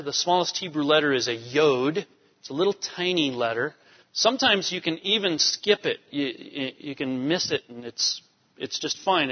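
Male pastor, high voice, emphatic sermon delivery; dull, echoey church-hall sound. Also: slightly rough. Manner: animated, emphatic preaching with asides to the congregation.

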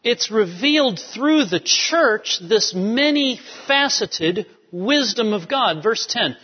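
High-voiced preacher in a reverberant hall. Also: male voice, lively intonation, slow, slightly rough. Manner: emphatic, repeats key phrases. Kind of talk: sermon. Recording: dull lo-fi sound with long hall reverb.

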